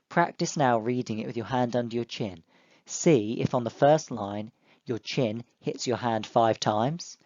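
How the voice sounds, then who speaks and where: Young guy teaching kids online, clear and encouraging, mid voice, dry close mic. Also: medium pitch, darkish tone, no echo, highs cut off. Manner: clear, encouraging, step-by-step instructions. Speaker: primary school teacher. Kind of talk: online lesson for children.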